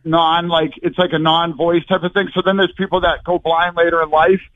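A man's voice: fairly high pitch, little pitch movement, brisk, no room sound. A man calling in to a radio show, telling a rambling, breathless story over the phone. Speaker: caller. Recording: tinny phone line.

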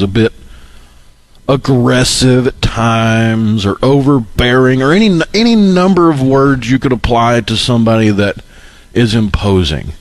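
A man's voice: mid-range voice, no echo. Earnest man co-hosting radio. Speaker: radio co-host. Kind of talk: live radio broadcast.

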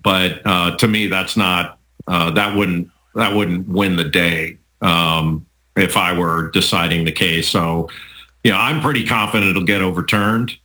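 A man talking through a legal argument in a casual sports debate, measured with frequent restarts. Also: deep voice, fairly even intonation, sharp tone, low-quality recording.

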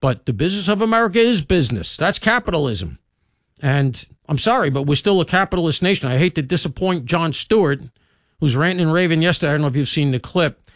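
A man hosting a talk radio show, delivering an animated, opinionated monologue with conversational asides. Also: fairly high pitch, a little fast, no room sound, clean studio sound. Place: radio studio.

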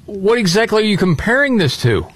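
A man's voice: high-pitched, sing-song, a little fast, a bit bright, no room sound. A man hosting a casual political talk show, speaking in a blunt, indignant way. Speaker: podcast host.

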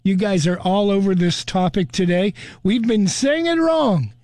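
A man's voice: high-pitched, measured pace, darkish tone, no echo. An older male morning radio host in a chatty, amused talk segment, reading out listener comments.

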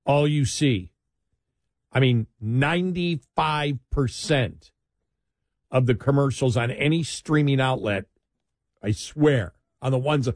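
A man's voice: mid-range voice, takes it slowly, pauses often, darkish tone, no echo, studio quality. A man chatting casually about politics, rambling with restarts and sarcastic asides.

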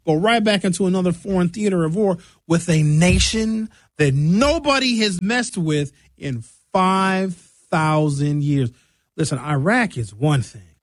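An American man delivering a sarcastic, animated comedic rant with a mocking edge. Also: a little high, no room sound, poor audio. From United States.

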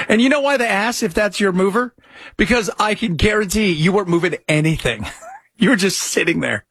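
A man hosting a commentary show, reacting to clips with sarcastic, mocking remarks and loud laughs. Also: sits high, lively intonation, a little fast, slightly rough, dry recording. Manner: mocking, laughs loudly at his own jokes.

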